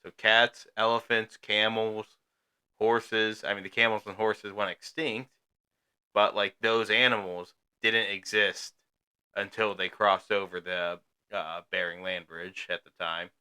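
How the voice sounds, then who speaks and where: A man's voice: fairly low pitch, level tone, unhurried, bright, forceful tone, clean tone. A man co-hosting a podcast in casual chat, rambling with many fillers and restarts. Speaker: podcast co-host.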